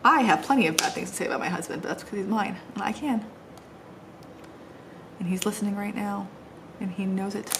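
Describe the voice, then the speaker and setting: At home on the floor, a middle-aged woman who vlogs about planners decorates one while chatting and rambling, poking fun at herself. She speaks fairly quickly in a creaky, medium-pitched voice, pausing often, with background noise present.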